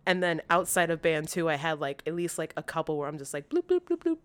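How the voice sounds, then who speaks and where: A young woman chatting as a guest, animated and playful, acting out little silly voices as she tells stories. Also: low-pitched, quick pace, smooth, no echo. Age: young adult. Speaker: podcast guest. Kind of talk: casual chat.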